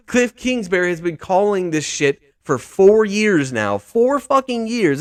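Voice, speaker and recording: A young man breaks down a football game in an exasperated, profanity-laced rant, circling back over the same complaints. His voice sits a little high and swings widely in pitch. The sound is close and dry, with no room around it. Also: dry recording. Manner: profane, exasperated, repeats himself. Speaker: sports podcast host.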